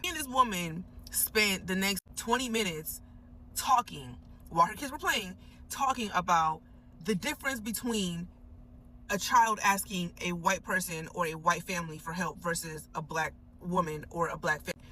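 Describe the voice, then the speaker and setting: Bright-voiced woman telling a story in a car. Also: on the low side, moderate pace, a little hiss or hum, rough recording. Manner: animated, emphatic, swears freely. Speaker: storyteller recounting an encounter. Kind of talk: casual storytelling vlog. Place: inside a parked car.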